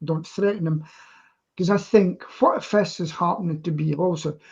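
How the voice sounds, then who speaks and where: A woman's voice: lowish voice, normal speed, dull audio. A woman on a live stream tells a story casually over a video call, acting out both sides of the dialogue with lots of energy. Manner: animated anecdote teller who acts out both sides of dialogue. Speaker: regular panelist on a live stream.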